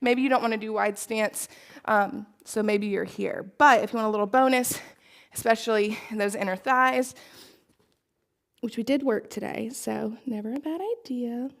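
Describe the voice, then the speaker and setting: A woman's voice: a little high, steady tone, normal speed, creaky, rough recording. A woman fitness instructor leading a live workout, upbeat and encouraging, who laughs often.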